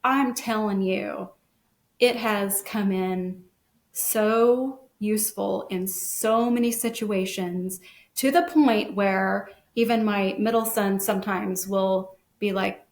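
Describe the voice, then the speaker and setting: A middle-aged woman, a guest parent, telling her experiences in an earnest, animated way in a casual podcast chat. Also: mid-range voice, slow pace. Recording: echoey room.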